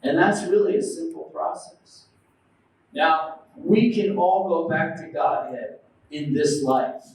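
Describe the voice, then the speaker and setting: A preacher with a high voice delivers a devotional talk in a temple hall. He tells stories, acts out the voices he quotes and keeps asking the audience questions. He is heard from some way off, in a strongly echoing room with a faint hum of ambience. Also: slow. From United States. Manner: lively storytelling, acting out quoted voices. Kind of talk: devotional lecture. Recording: very echoey hall, mic at a distance.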